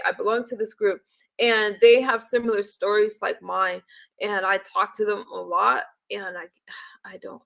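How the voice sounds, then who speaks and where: Bright, gravelly-voiced woman livestreaming. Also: medium pitch. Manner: chatty, greets viewers by name mid-sentence; halting, trails off and restarts when emotional. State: emotional. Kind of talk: casual live-stream check-in.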